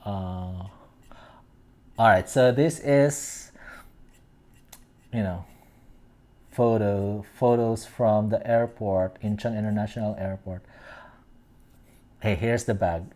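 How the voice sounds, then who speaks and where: Slow-talking man chatting over fan posts. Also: on the low side, darkish tone. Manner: meandering, searching for words aloud. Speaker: host. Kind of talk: casual fan commentary reading tweets.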